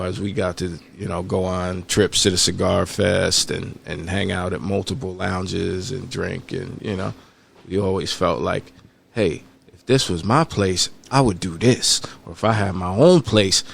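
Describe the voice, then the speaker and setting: A man's voice: deep voice, unhurried, creaky, hardly any pauses. A man co-owning a cigar lounge, chatting casually and telling stories in a laid-back way. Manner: relaxed, laid-back storytelling. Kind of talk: casual chat.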